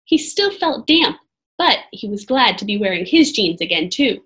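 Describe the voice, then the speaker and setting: A woman reading a children's chapter book aloud expressively, pausing to talk to her listeners. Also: mid-range voice, husky. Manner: expressive, pauses to comment to listeners. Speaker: storybook reader.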